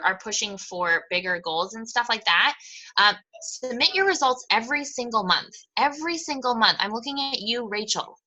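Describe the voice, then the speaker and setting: Bright-voiced young woman coach, chatty and excited, rambles with tons of likes and you knows. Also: mid-range voice, poor audio. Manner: enthusiastic, rambling, lots of fillers and repeats. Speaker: fitness coach addressing her team. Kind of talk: casual team talk.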